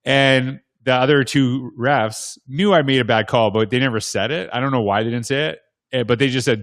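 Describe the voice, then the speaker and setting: Brief: male educator, mid pitch, loose rambling anecdotes, dry close sound. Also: moderate pace, a bit bright, no room sound. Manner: rambling, many restarts and "like"s. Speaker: guest panelist, educator and former basketball referee. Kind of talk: casual storytelling on a video panel.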